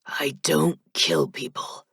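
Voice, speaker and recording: A woman voicing a quiet, guarded young male death spirit who speaks in a hushed, mostly emotionless way in a storybook reading. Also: sits low, sing-song, slow pace, gravelly, slightly rough, dry recording, exaggerated voice.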